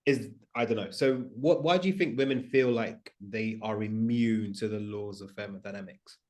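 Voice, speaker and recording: A man hosts a podcast interview in a fairly low voice. He asks his questions in a relaxed, conversational way. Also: normal speed. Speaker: podcast host. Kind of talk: casual interview chat.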